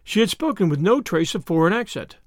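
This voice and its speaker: Expressive, lively male audiobook narrator. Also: high voice, a little fast, no echo, studio quality. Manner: dramatic, expressive reading.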